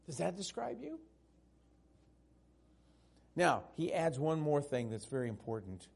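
A male pastor preaching a sermon, swinging from loud, emphatic peaks down to hushed, tender passages. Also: on the high side, sing-song, a little slow, vocal fry, long pauses, husky.

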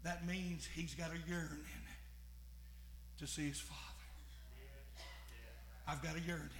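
A man preaching a sermon, moving from hushed, slow phrases to shouted, fervent preaching. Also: a little high, flat delivery, reverberant.

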